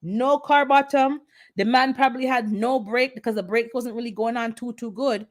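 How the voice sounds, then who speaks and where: A woman with a Jamaican accent chatting casually on a livestream, telling stories in a lively, chatty way. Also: fairly high pitch, normal speed. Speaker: gardening channel host.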